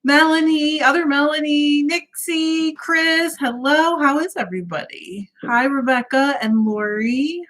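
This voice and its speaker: Woman, friendly livestream host at home, voice a bit high, chatty and upbeat, reads out viewer comments. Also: a little slow, few pauses, a bit bright. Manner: cheerful, greets viewers by name, laughs often. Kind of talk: casual livestream chat, reading out comments.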